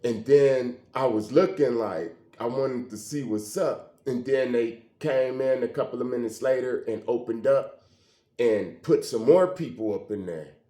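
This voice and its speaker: A man's voice: medium pitch, unhurried. Man telling a story in a roomy space. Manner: animated, conversational, acts out quoted dialogue. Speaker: vlogger telling a personal story. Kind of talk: emotional storytelling monologue. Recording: roomy echo.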